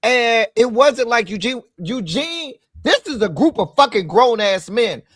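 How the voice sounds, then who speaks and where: Emphatic, profane male panelist, high voice, dry close mic. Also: big pitch swings, measured pace, a bit bright, no room sound. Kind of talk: casual panel chat.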